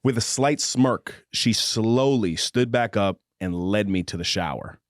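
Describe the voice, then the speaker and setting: Male podcast host, low and measured, dry studio sound, good for audiobook reading. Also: no room sound. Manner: low, measured reading voice, joking between passages. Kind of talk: casual chat, reading a novel excerpt aloud. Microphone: studio microphone with headphones.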